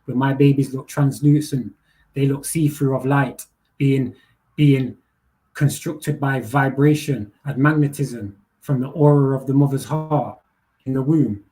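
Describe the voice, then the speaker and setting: A man's voice: mid-range voice, steady tone, a little slow, mellow. A young man, hosting a live panel and ranting bluntly with heavy swearing, street slang and repeated words. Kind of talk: casual rant.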